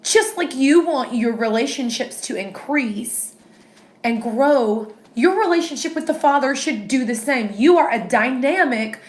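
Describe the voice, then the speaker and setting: A middle-aged woman with a fairly high voice co-hosts a morning devotional in a roomy, echoing space. She chats in a playful, cheeky way and slows down when reading scripture aloud. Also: expressive. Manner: playful, self-described cheeky, reads scripture slowly. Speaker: devotional co-host. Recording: echoey room.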